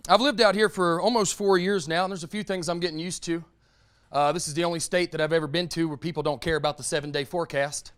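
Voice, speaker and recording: Southern male stand-up, Alabama accent, high voice, hesitant fillers, live stage mic. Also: fairly bright tone. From North Alabama. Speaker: stand-up comedian. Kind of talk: stand-up comedy set. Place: comedy stage before a live audience.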